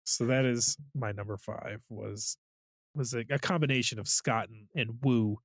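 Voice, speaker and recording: A man's voice: medium pitch, steady tone, moderate pace, no room sound, studio quality. A man co-hosting a podcast in casual chat, laughing often as he retells movie scenes. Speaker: podcast co-host.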